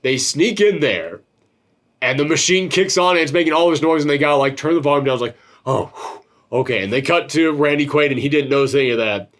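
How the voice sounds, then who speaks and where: A man's voice: fairly high pitch, expressive, quick pace, fairly bright tone. A man hosting a casual film-review chat, rambling and swearing freely. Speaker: podcast host reviewing a film.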